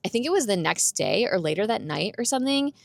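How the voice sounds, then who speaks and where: A woman's voice: mid-range voice, sing-song, fast, creaky, no room sound. A young adult woman hosting her own podcast, chatting candidly on her own and laughing often. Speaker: podcast host. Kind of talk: casual solo podcast chat. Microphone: roommate's borrowed microphone.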